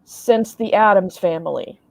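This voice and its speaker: A woman's voice: mid-range voice, a little slow, gravelly, no echo. A woman panelist chatting casually on a video call, often restarting her sentences.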